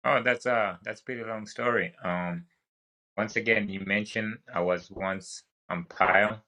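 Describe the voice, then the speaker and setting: The guest, a young wildland firefighter, chats casually on a podcast. He has an African accent and a low, bright voice, and his storytelling is relaxed but halting.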